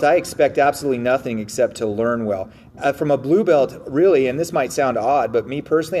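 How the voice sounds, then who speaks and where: A man who teaches jiu-jitsu, answering viewer questions in a casual livestream. His coaching is blunt and upbeat, with mild swearing, and he acts out his own inner thoughts in quick asides. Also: medium pitch, dark tone, a little hiss or hum.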